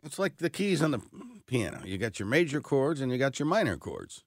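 A man's voice: mid-range voice, sing-song, brisk, no echo, clean studio sound. A man with a Midwestern accent co-hosting a talk radio show, arguing in a blunt, folksy, insistent way. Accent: Midwestern American. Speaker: radio co-host. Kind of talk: casual talk radio banter. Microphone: studio broadcast mic.

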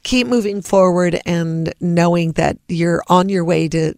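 A middle-aged woman from Los Angeles, a singer-songwriter being interviewed, telling stories in a lively, animated way. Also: fairly low pitch, unhurried, no room sound, clean studio sound. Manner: animated storyteller, lively asides. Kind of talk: casual interview chat.

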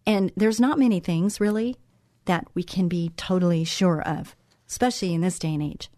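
Woman doing a faith talk show, kinda low voice, chatty and encouraging, dry close sound. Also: moderate pace, dark tone, no echo. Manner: encouraging, conversational, repeats phrases for emphasis. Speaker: host of a Christian talk show. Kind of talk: devotional talk show monologue.

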